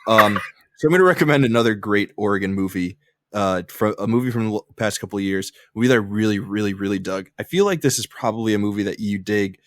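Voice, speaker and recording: A man from the US East Coast hosting a podcast, easygoing and quick to agree in casual chat. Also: lowish voice, fairly bright tone, dry recording, clean studio sound. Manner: easygoing, frequent agreeing interjections. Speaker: podcast host.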